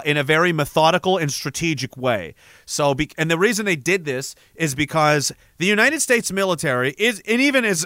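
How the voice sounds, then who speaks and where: A man's voice: on the high side, sharp tone, no echo, studio quality. A young man hosting a show, delivering a heated, profane, rambling monologue full of restarts. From Canada. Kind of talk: ranting casual monologue.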